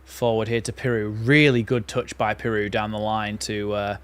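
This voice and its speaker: A man's voice: lowish voice, normal speed, clear, resonant tone. A man hosting a live football watchalong, calling the play and reacting as a fan. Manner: excitable fan commentary, calls play by play. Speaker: watchalong host.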